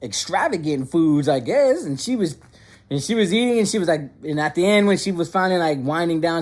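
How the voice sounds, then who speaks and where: A man's voice: high voice, lively intonation, fairly quick. A young man telling a funny personal story in casual slang, repeating words and restarting sentences as he goes.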